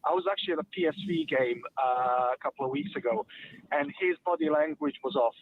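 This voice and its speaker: A man calling into a radio phone-in, speaking in a measured, matter-of-fact way. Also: medium pitch. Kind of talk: call-in opinion. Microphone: telephone. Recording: phone line with faint household noise. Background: a toddler at home.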